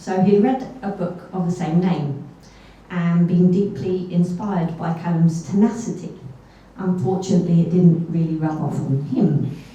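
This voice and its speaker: A woman's voice: fairly low pitch, fairly even intonation, measured pace, mellow, dull audio. Chatty woman telling a story. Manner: self-deprecating and chatty, with asides. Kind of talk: live storytelling on stage. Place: live event hall. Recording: echoey hall from far off.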